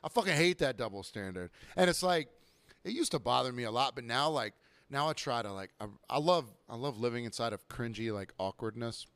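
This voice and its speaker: A young man hosting a podcast, ranting profanely about bartending and customers, now and then mimicking them in a higher voice. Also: lively intonation, a little fast, fairly bright tone, smooth, no room sound. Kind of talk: casual podcast rant.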